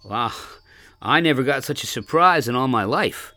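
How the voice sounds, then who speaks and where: A man reading an old-fashioned first-person story aloud with expressive storytelling. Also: medium pitch, normal speed, dry recording, faint music behind.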